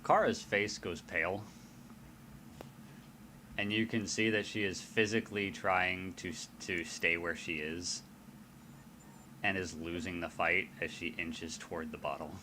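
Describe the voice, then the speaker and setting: A man narrating as game master in a tabletop game, slow and expressive. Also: deep voice, a little hiss or hum.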